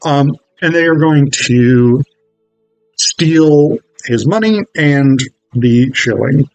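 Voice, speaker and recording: A man's voice: on the high side, animated, slow, a little mellow, smooth, no room sound, rough recording. Rambling man recapping a film. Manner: rambling, many fillers and self-corrections. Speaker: film reviewer.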